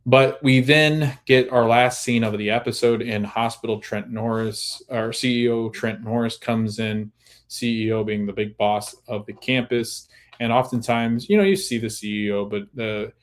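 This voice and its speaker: A man's voice: medium pitch, fairly even intonation, moderate pace. A man hosting a podcast, recapping a TV episode in a casual, rambling way with many restarts. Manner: rambling, full of restarts and "like", laughs at times. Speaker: podcast host.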